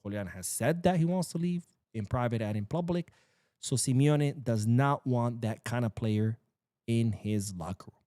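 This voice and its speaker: A man's voice: mid-range voice, moderate pace, dark tone, no room sound, studio quality. A man hosting a solo football news show, talking casually and sarcastically, swearing and acting out quotes. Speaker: football podcast host.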